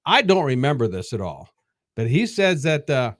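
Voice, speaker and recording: A man in his fifties, a podcast guest, telling casual stories in a halting way that repeats words. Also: mid-range voice, big pitch swings, no echo, studio quality. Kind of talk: casual storytelling.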